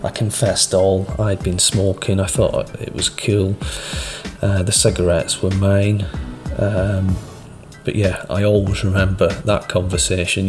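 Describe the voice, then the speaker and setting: A man with a very deep voice hosts a podcast monologue. He speaks in a measured, conversational way, mixing advice with a personal anecdote. Faint music plays underneath. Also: level tone. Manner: measured, conversational, with small restarts. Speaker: podcast host.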